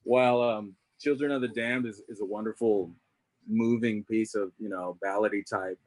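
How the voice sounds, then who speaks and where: A man, a guest musician, talking in casual chat, relaxed and full of "you know" and "man". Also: fairly low pitch, normal speed, no echo.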